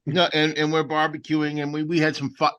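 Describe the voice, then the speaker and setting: A man with a bright, slightly high voice tells a backyard story with building excitement. His delivery stays lively and eager in casual podcast banter. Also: fairly quick, clean tone. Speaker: podcast co-host.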